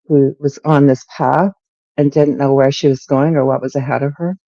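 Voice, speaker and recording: A middle-aged woman, a podcast guest, telling a story in an animated, lively way and acting out her own lines. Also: extremely low pitch, creaky, dry recording, lo-fi sound. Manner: animated, lively retelling with acted-out quotes. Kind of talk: storytelling in an interview.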